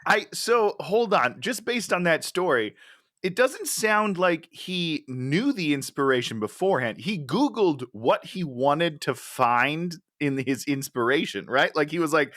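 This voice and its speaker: A man's voice: on the high side, very animated, unhurried, fairly bright tone, dry recording, studio quality. A man co-hosting a casual film-review chat, talking in an incredulous, mocking way. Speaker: podcast co-host.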